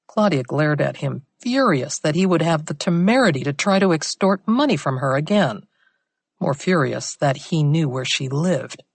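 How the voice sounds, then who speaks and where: A woman narrating an audiobook thriller in a measured, even reading. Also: low-pitched, creaky, breathy edge, no room sound.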